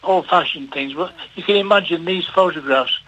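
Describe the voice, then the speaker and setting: An older man, a television producer, telling a story on the radio with halting repeats and lively delivery. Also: a little high, lo-fi sound. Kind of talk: anecdotal storytelling.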